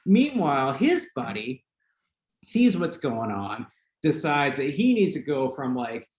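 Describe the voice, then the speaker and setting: A man hosting a podcast, telling a long story in a casual, animated way with lots of fillers and laughter. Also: medium pitch, a little slow. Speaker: podcast host. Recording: roomy echo with faint noise.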